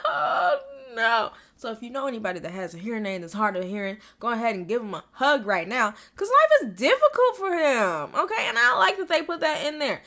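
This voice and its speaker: A young woman talks through a TV episode in a loose, casual recap, bright and clear in tone. She gets excitable, jumping into quoted lines and reacting as she goes, never sounding scripted. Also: medium pitch. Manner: excitable, animated retelling with quoted voices. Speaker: recap reviewer.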